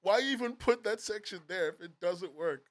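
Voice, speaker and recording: A man's voice: sits high, lively intonation, normal speed. A man reviewing webcomic platforms in a profane, exasperated rant, laughing through it. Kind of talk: ranting commentary.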